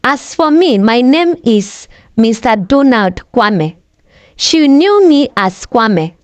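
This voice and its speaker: A woman's voice: fairly high pitch, big pitch swings, slow pace, no room sound. A woman voicing an older man, a despairing wronged former husband.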